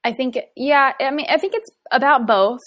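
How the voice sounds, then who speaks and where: A woman's voice: high voice, normal speed, a bit bright. A young woman and mother chatting casually about parenting, telling stories with lots of "like" fillers. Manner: chatty, filler-heavy storytelling with laughs. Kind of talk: casual chat.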